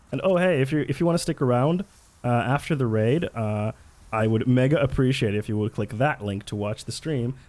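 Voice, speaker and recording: Excitable man streaming live, lively pitch. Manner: chatty, giggly, excitable. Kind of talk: casual live game stream chat.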